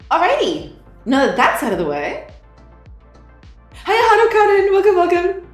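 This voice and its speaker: Giggly young woman streamer chatting. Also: very high voice. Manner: giggly, laughs often, trips over words. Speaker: game developer streamer. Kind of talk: casual livestream chat, greeting viewers. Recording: roomy echo, faint background music.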